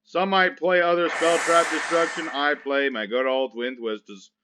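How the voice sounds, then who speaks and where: A man's voice: a little high, little pitch movement, moderate pace, background noise. A man giving casual commentary over his own card game, chatty and wry, grumbling sarcastically at his opponents. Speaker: gameplay commentator.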